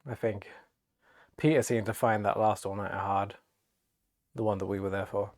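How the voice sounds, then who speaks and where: A man's voice: on the low side, little pitch movement, normal speed. Dry, sarcastic male streamer. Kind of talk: casual gaming chat. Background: game music.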